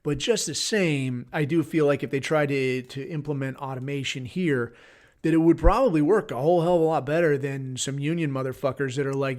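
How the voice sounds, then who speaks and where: A man's voice: a little high, a little fast, a little mellow. A middle-aged man hosting a podcast, rambling through a casual, blunt and heavily profane rant. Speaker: podcast host.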